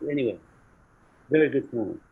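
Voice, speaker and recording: Blunt husky-voiced man on a panel. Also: mid-range voice, lively intonation, fairly quick. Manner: opinionated, blunt and emphatic. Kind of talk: panel discussion. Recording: dull lo-fi audio.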